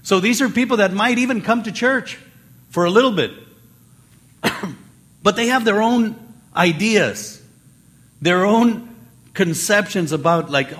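A man preaching a Bible teaching sermon in a conversational way, jumping in pitch as he acts out the people he quotes. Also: a little slow, pauses often. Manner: animated, acts out quoted voices with pitch jumps; conversational with fillers and restarts.

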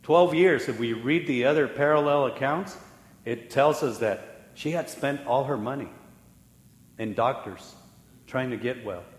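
A man preaching a sermon as pastor, telling the story with lively acted-out voices and laughing at himself now and then. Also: medium pitch, measured pace. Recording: echoey hall with long reverb.

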